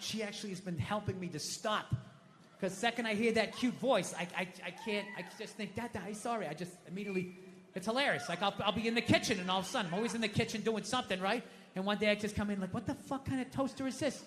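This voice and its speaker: A male stand-up comedian doing a self-mocking, profane routine, swinging between muttered asides and yelled outbursts. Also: high-pitched, steady tone, quick pace. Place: theater stage before a live audience. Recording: reverberant hall with faint hiss.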